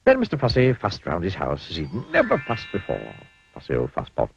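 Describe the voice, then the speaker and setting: A man narrating a children's cartoon story in a gently wry storytelling manner. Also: sits low, huge pitch swings, fairly quick, creaky, husky, no room sound, soft background music. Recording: dull lo-fi old cartoon audio.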